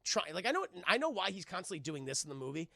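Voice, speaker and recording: A man's voice: sits high, big pitch swings, quick pace, vocal fry, pushed and bright, no room sound, studio quality. A young man casually reviewing a film on a live stream, profane and rambling as he keeps addressing his chat.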